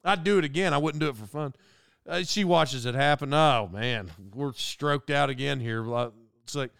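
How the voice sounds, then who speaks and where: This podcast host, a middle-aged man, rambles through a casual monologue, animated and mocking himself. His fairly high, smooth voice has vocal fry and moves at normal speed, in a studio-quality recording without room sound.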